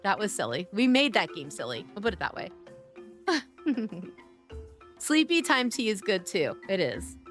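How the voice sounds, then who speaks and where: A woman's voice: mid-range voice, sing-song, a little slow, long pauses, a bit bright, soft background music. A woman streaming a game live, chatting and teasing her viewers by name, her voice worn from days of streaming. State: losing her voice. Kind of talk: casual live-stream chat.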